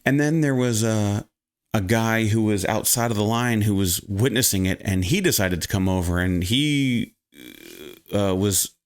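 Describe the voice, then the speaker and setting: A man with a somewhat low voice tells a story to camera in a relaxed, rambling way. He stumbles and restarts often, and he jumps his voice up high and loud whenever he quotes someone. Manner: animated, acts out quoted people in raised voice; frequent restarts and fillers. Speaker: vlogger. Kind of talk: casual storytelling.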